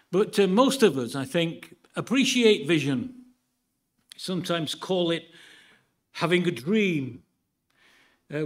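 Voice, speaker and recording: Man, british preacher, sermon, dry humour, fairly high voice. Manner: measured Bible reading, then conversational preaching with dry humour.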